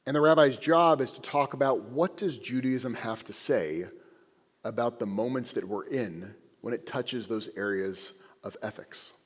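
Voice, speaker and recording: A man giving a sermon as a rabbi, an animated, conversational storyteller speaking in a synagogue sanctuary. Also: medium pitch. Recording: echoey sanctuary.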